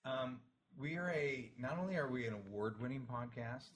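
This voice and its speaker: A man's voice: mid-range voice, animated, normal speed, slight background noise. A man hosting a podcast, joking around in casual banter and reading listener emails aloud. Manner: jokey, rambling, reads listener emails aloud. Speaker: podcast host.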